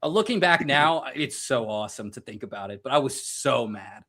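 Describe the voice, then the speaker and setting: A man's voice: mid-range voice, animated, brisk, a bit bright. A man co-hosting a podcast as a guest, chatting casually with dry teasing humor. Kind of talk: casual joking chat.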